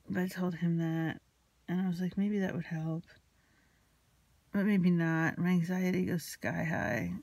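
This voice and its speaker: A woman recounts a painful day in a confessional, rambling way, anxious and still shaken. Her voice has a gravelly, creaky texture. The sound is dry and close, with no room around it. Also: fairly low pitch, a little mellow, no room sound. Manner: anxious, rambling, retelling a quarrel with quoted dialogue. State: emotionally shaken. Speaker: vlogger. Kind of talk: confessional personal storytelling.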